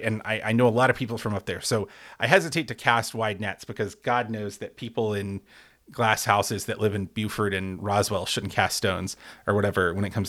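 Man on a profane, rambling sports rant. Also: lowish voice. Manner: animated, rambling, stammers and restarts often; heavy swearing, hyperbolic. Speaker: sports podcast host.

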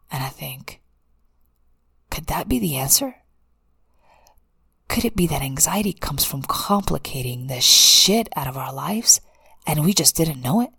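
Low husky woman therapist, casual talk. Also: lively intonation, moderate pace, pauses often, bright, forceful tone, no echo, clean studio sound. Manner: candid, rambling, frequent restarts. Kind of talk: casual monologue.

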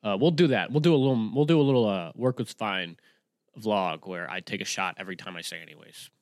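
A male podcast host telling a rambling, self-mocking story at home, swearing freely and breaking into loud yelled impressions. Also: a little fast, no echo, studio quality. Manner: bursts into loud high-pitched yelling for impressions. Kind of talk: casual solo storytelling. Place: home room.

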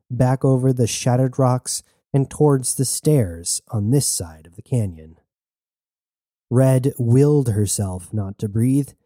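In steady, even tones, a man narrates an action story as an audiobook reader. His voice is very dark and mellow at a middle pitch, and the scripted narration is recorded dry and close.

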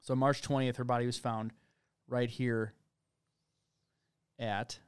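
A man's voice: medium pitch, flat delivery, takes it slowly, clean tone, no room sound, clean studio sound. A man co-hosting a true-crime podcast, talking casually and reading from case reports as he thinks aloud. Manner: conversational, reads from case documents, thinks aloud. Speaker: podcast co-host.

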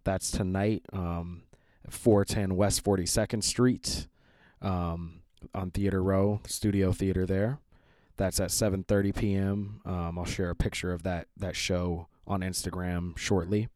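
A man hosting a podcast, giving a relaxed, rambling spoken intro with plenty of filler words. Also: sits low, measured pace, dry recording, studio quality. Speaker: podcast host.

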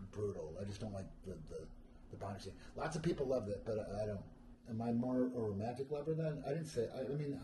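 A middle-aged man hosting a livestream and answering chat questions, rambling casually and crudely with lots of fillers and self-deprecating jokes. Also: mid-range voice. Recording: echoey room with background noise.

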